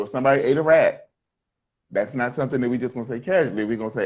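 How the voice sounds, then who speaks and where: A man's voice: medium pitch, quick pace, darkish tone, lo-fi sound. A male middle school teacher explaining sentence types, joking and quizzing his students. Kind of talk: classroom lesson.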